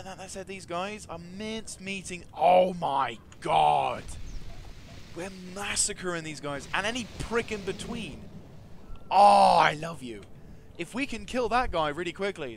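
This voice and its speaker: A man giving casual commentary over a strategy game, talking to his units and swinging from quiet mumbles to excited shouts. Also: high voice, slight background noise. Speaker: gaming video host.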